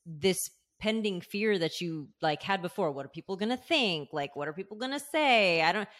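A woman's voice: on the low side, animated, normal speed, a bit bright. A woman co-hosting a podcast who affirms her guest in a casual way, swearing now and then. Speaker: podcast co-host. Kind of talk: casual interview chat.

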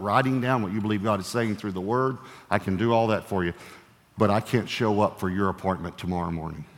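A man's voice: lowish voice, fairly bright tone, in a large hall. An older man, a pastor, preaching a sermon in a conversational, storytelling way with playful humor.

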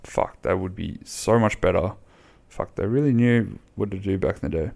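Man, gravelly fry, slightly low voice, rambling sweary podcast chat. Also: moderate pace, darkish tone. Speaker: podcast host. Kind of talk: casual solo podcast chat.

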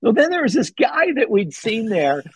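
Excitable high-voiced husky man. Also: normal speed, dry recording, poor audio. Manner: excited, rambling storyteller with many "like"s and restarts; acts out his own past words with big pitch jumps. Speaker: podcast guest, bowhunter and pastor. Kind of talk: casual storytelling in an interview.

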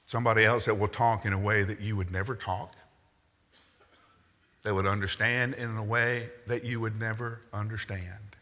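A man's voice: fairly low pitch, little pitch movement, normal speed, bright, forceful tone. A man preaching a sermon, telling the story with wry asides and acting out the quotes. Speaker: pastor. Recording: long reverb in a large hall.

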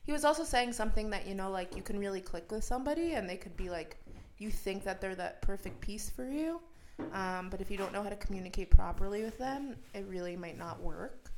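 A young woman co-hosting a podcast, telling a story in an animated way and laughing often. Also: medium pitch, fairly quick, background noise. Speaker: podcast co-host. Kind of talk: casual storytelling chat.

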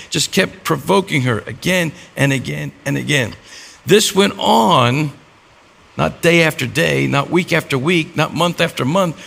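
A man's voice: fairly high pitch, vocal fry, fairly bright tone. A middle-aged man preaching a sermon as a pastor, telling stories and acting out the dialogue in them. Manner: storytelling with acted-out dialogue.

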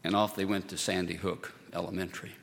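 A male pastor preaching in a measured, solemn way, driving his points home through repetition. His voice sits on the low side but comes across bright and sharp. A long reverb trails behind him through the church. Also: flat delivery, gravelly. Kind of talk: sermon. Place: church sanctuary.

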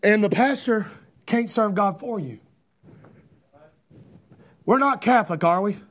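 High-voiced preacher, impassioned. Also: male voice, animated, unhurried. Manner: impassioned, builds to shouting; repetitive, rhetorical questions. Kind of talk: sermon.

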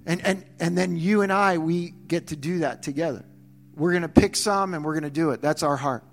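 High-voiced man preaching a sermon. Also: a little fast. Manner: animated, acts out quoted voices with many restarts. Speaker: pastor.

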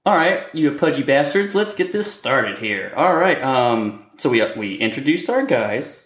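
A man's voice: mid-range voice, very animated, unhurried, a bit bright, roomy sound, lo-fi sound. A man co-hosting a podcast in casual banter, joking around, laughing often and swearing casually. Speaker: podcast co-host.

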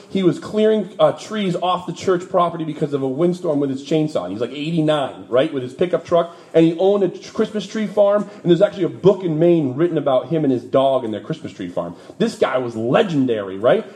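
Man telling a church story. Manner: lively anecdotal storytelling that drops low and quiet for emotional moments. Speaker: pastor. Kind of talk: sermon storytelling.

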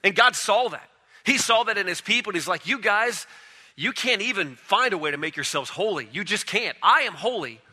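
A man preaching a sermon in a conversational style, his voice dropping soft and then swelling as he tells the story. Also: high-pitched, animated, moderate pace. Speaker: pastor. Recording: long hall reverb.

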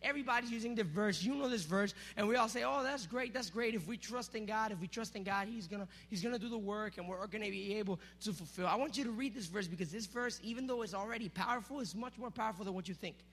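Energetic man preaching to youth. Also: sits high, quick pace, few pauses. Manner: energetic, teasing, calls on the crowd. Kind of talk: sermon with object lesson.

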